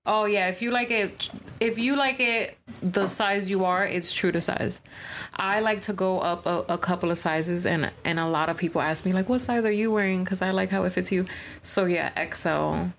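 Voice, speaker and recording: A woman's voice: on the low side, slight background noise. Teasing woman co-host, lots of "like". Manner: teasing, drawn-out filler words. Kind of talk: casual chat.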